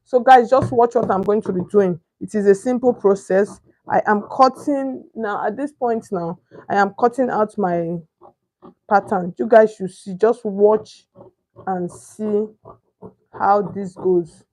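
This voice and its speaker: Her voice is mid-range, a little slow and a little mellow. This young Nigerian sewing instructor gives a chatty step-by-step pattern-cutting tutorial, repeatedly checking whether viewers can see and hunting for words.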